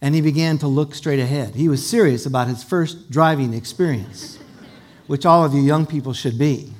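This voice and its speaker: A middle-aged man preaches to his congregation, his voice sitting high for a man. He tells a warm family story in a storytelling manner. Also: normal speed. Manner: storytelling, leads call-and-response. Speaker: pastor. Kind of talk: sermon.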